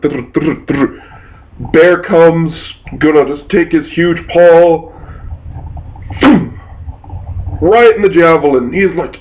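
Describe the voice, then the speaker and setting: A man's voice: fairly high pitch, highs cut off. A man recounting a tabletop game session as its game master, telling it casually and rambling with frequent restarts and mild swearing.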